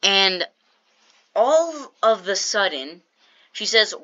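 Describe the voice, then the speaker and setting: Chatty young storyteller woman, bright voice. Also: mid-range voice, very animated, slow pace, long pauses, no room sound, highs cut off. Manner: chatty, jokey asides, acts out quoted lines. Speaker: storytime vlogger. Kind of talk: casual storytelling.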